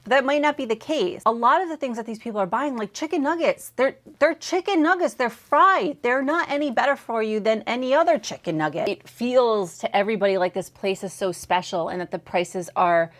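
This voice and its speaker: A woman's voice: a little high, expressive, fairly quick, hardly any pauses. A woman hosting a reaction video, giving candid opinions with hesitant, apologetic asides. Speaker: commentary host reacting to clips. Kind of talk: casual opinion commentary.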